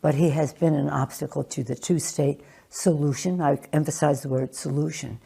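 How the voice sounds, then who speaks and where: An older woman politician speaks in a husky, gravelly voice. She sounds dark and low. Her answers are measured and emphatic, full of pauses and restarts. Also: flat delivery. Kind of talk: television interview answers.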